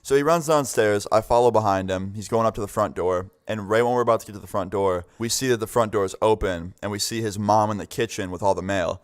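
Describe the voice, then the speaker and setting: This young vlogger talks fast in a lowish voice, barely pausing as he tells his viewers a story time. He rambles, fills gaps with many "like"s, and acts out the voices of those he quotes.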